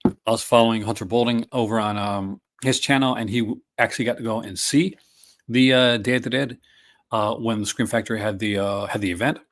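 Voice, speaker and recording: A man's voice: lowish voice, steady tone, fairly quick. Rambling enthusiastic male stream host. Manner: rambling, enthusiastic, many fillers and restarts. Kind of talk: casual live-stream chat.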